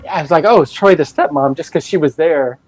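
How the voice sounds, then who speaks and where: A man's voice: a little high, fairly quick, no echo, rough recording. A man co-hosting a casual podcast discussion, rambling loosely and correcting himself as he goes. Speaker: podcast co-host.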